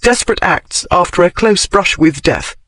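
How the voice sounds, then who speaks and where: A man's voice: high voice, expressive, normal speed, a bit bright, no echo, pitched above the performer's own voice. A man voicing an indignant young Englishwoman who speaks primly and over-formally.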